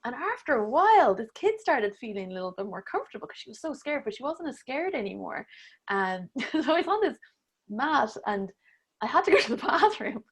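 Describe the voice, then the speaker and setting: A woman's voice: fairly high pitch, very animated, fairly quick, husky. A woman in her thirties, a podcast guest, telling a personal story in casual interview talk, acting out her own inner voices with laughs and the odd swear. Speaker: podcast guest, breathwork teacher.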